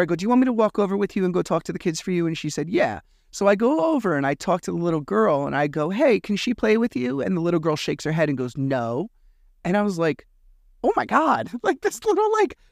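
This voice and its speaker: A man's voice: a little high, no echo. Chatty man telling a story, dry close sound. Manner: chatty, retells dialogue with animated quoted voices. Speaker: podcast host. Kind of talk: casual storytelling.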